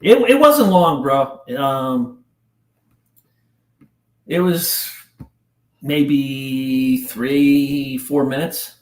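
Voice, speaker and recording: This middle-aged New Jersey man speaks in a medium pitch as a podcast guest, sharing a painful personal story in a halting, intense way full of casual slang. The room echoes noticeably.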